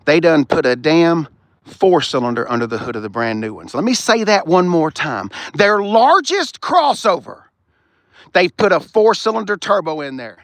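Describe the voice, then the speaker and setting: A man's voice: a little high, big pitch swings, moderate pace, a bit bright, no room sound. A middle-aged man, hosting a casual walk-around car review and ranting with blunt, profane opinions.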